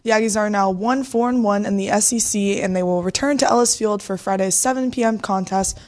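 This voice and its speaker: A woman co-host reading sports news items on a radio show in a steady voice. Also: mid-range voice, fairly quick. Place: radio studio.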